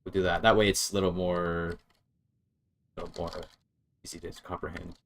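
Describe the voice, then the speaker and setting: A young male streamer with a lowish voice talks through grammar casually. He rambles, keeps correcting himself, and swears when his examples fall flat. Keyboard typing sits in the background. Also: normal speed, vocal fry. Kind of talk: casual livestream explaining grammar.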